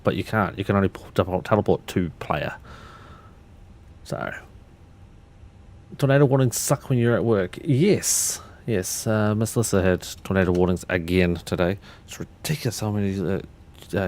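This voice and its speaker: Man, lowish voice, casual livestream chat, talks through cockpit checks, rambling, restarts sentences. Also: a little mellow. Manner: talks through cockpit steps while chatting with viewers.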